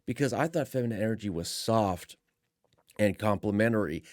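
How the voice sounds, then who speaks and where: Low voiced guy doing sarcastic reaction commentary, dry sound. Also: lively intonation, normal speed, darkish tone, dry recording. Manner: sarcastic, mocking. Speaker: commentary host.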